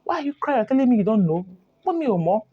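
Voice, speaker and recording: A woman doing a calm, learned man asking questions. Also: a little high, quick pace, slightly rough, narrow, tinny audio, pitched above the performer's own voice. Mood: questioning. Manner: questioning, soothing.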